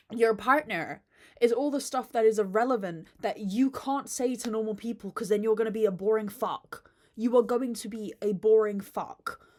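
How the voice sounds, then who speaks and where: A woman hosts her own podcast at home, talking casually to a phone camera with unfiltered, dramatic swings and plenty of swearing. Her voice is on the high side with a darkish tone.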